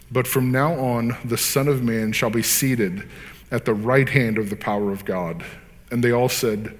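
A man's voice: medium pitch, fairly even intonation, moderate pace, big-room sound. A man reading scripture aloud, then preaching in an earnest, conversational way with casual fillers. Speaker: pastor.

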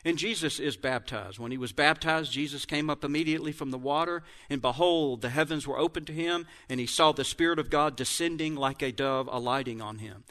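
A man leads a Bible lesson, moving between reading scripture aloud and laying out plain comparisons. His voice sits a little high and sounds bright and forceful, with small slips he openly corrects. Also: brisk, few pauses. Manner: reads verses aloud, then compares them in plain explanation; corrects himself mid-reading. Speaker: Bible teacher.

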